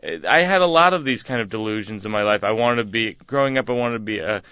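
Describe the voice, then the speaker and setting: Comedian guest, male, from Massachusetts; easygoing, meandering storyteller with a crisp bright voice on a dry studio mic. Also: on the low side, expressive, quick pace, no echo, muffled recording. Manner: laid-back rambling delivery with frequent chuckles. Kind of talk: casual interview storytelling.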